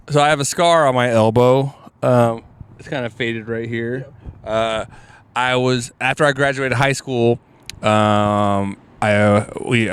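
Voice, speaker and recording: A comedian guest on a podcast, a man with a smooth, medium-pitched voice, tells casual stories in an animated, rambling way full of fillers and restarts.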